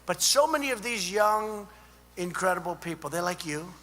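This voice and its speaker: A man's voice: sits high, lively intonation, moderate pace, bright, forceful tone. A man giving an off-the-cuff speech at a student conference, rambling and repetitive with many asides to the crowd. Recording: echoey hall with faint hum.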